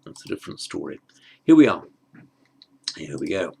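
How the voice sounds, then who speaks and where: A man teaching Sanskrit grammar in an online lesson, explaining slowly and carefully and correcting himself as he goes. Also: low-pitched, big pitch swings, gravelly, darkish tone, slightly rough.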